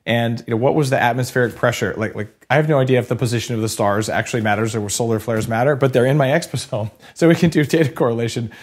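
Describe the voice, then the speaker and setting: A man hosting a podcast interview, asking long curious questions with hesitant restarts. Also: medium pitch. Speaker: podcast host.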